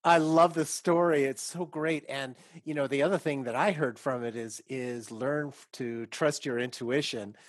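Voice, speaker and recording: A man's voice: mid-range voice, fairly even intonation, moderate pace, hardly any pauses, dry recording. A male podcast host reads his interview questions and thanks his guest in an upbeat, appreciative voice. The sound is dry and close.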